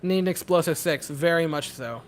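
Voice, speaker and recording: Young man, casual host, somewhat high voice, nervous and excitable running commentary, faint background hum. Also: moderate pace. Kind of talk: casual chat. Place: home watch party.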